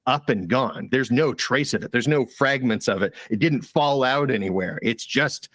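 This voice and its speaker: Halting man narrating as game master. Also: medium pitch, fairly bright tone, no echo. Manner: halting, many fillers and repeated words.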